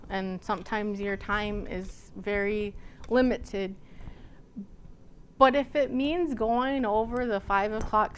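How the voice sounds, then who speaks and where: Conversational woman lecturer, higher voice. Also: a little hiss or hum. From Nebraska, United States. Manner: conversational, personal anecdotes with frequent fillers. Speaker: college student services coordinator giving a lecture. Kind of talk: storytelling lecture.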